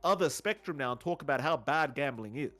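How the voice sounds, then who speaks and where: Animated Australian man, lively pitch. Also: brisk. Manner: animated, swearing storyteller. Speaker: podcast co-host. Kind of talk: casual chat.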